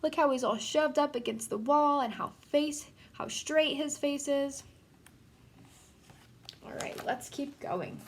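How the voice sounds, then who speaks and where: A woman teacher giving an interactive read-aloud of a picture book, pausing to ask questions and point out the pictures. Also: sits high, a little hiss or hum.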